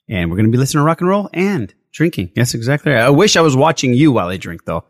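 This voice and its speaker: A man's voice: mid-range voice, sing-song, racing, no room sound, studio quality. A man hosting a casual podcast chat, upbeat and effusive, joking with his guests. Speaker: podcast host.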